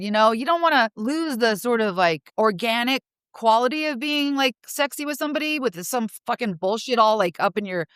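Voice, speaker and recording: A woman's voice: medium pitch, clear, resonant tone, no echo, studio quality. A middle-aged woman guest, a costume designer, reminiscing casually and filling her talk with "like" and "you know". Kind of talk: casual interview chat.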